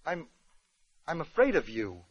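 A haughty young English noblewoman, as a male comedian puts her on, prim and melodramatic. The voice sits high. It comes through a dull, lo-fi old radio sound. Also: huge pitch swings, measured pace, husky, exaggerated voice.

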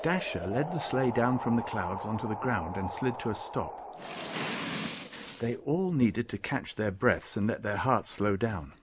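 A man narrating an audiobook, reading in a measured, expressive storytelling manner. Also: lowish voice, heavy background noise. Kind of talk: scripted narration.

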